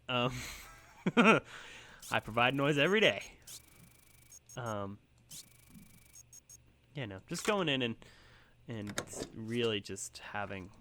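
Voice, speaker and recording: A man's voice: fairly low pitch, noisy background. A man hosting a gaming channel, chatting casually over gameplay in a rambling, self-deprecating way full of ums and likes.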